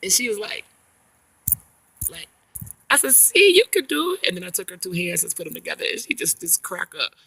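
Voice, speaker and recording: A woman's voice: lowish voice, a little fast, vocal fry, long pauses, husky. A middle-aged woman, a grandmother, chatting casually in a vlog and telling long, rambling stories full of slang. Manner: rambling, animated storytelling with slang. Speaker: vlogger. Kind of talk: casual chat.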